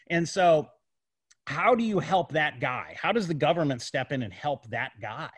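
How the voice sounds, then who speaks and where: A man's voice: fairly high pitch, expressive, unhurried, a bit bright, slightly rough, no room sound. A man in a casual discussion who talks emphatically, repeats his words and piles up rhetorical questions.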